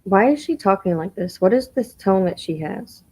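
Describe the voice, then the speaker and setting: A woman's voice: medium pitch, animated, moderate pace, a little mellow, husky, low-quality recording. A woman streamer giving incredulous, mocking reaction commentary on a clip, swearing casually.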